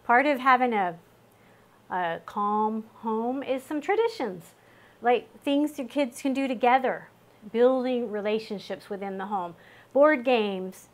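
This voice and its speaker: Woman group leader, higher voice, casual and chatty, asks the room questions. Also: animated, a little slow. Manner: warm conversational, laughs often, asks the group questions. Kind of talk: casual teaching talk to a small group.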